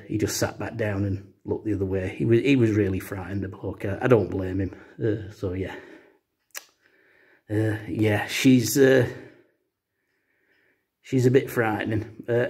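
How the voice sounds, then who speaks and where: Male vlogger, deadpan storyteller, lowish husky voice, lots of hesitations. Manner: rambling, full of uh fillers. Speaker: comedy vlogger.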